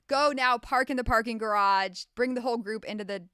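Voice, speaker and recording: High, bright-voiced woman telling stories. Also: brisk, clean tone, dry recording, studio quality. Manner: animated storyteller, acts out quotes. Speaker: podcast co-host. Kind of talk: casual chat.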